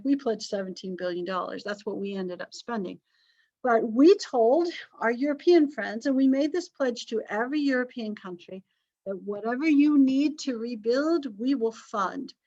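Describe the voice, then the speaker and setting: A woman's voice: on the high side, darkish tone, highs cut off. A woman teaching a history class in a chatty lecture, correcting herself and tossing in jokey asides, her voice a little strained from vocal cord damage.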